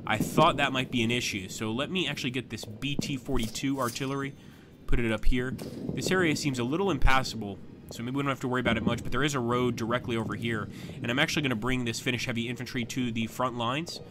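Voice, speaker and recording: A man's voice: mid-range voice, fast talker. Guy streaming a war strategy game, chatty, walks viewers thru his moves, noisy background hum. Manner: chatty, talks viewers through moves, bursts of excitement at big attacks. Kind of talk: live strategy game commentary.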